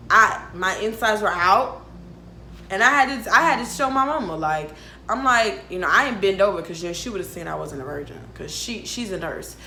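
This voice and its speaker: Frank, animated young woman vlogger. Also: medium pitch, normal speed, echoey room, slight background noise. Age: 20s. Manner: animated, frank and profane, laughs often. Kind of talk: casual storytime monologue.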